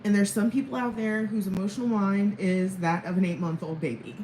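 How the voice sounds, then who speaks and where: A woman's voice: mid-range voice, steady tone, fairly quick, dark tone, slight background noise. A woman in her thirties rambling candidly to camera in a casual personal vlog, chuckling between thoughts. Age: 30s. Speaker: vlogger. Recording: echoey room, faint background ambience.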